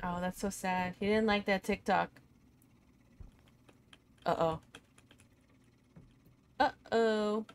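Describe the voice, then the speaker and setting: A woman streaming a ghost-hunting game with a friend, excitable and swearing, shrieking when startled. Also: medium pitch, slow pace, pauses often, a little hiss or hum. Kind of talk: casual gaming chat.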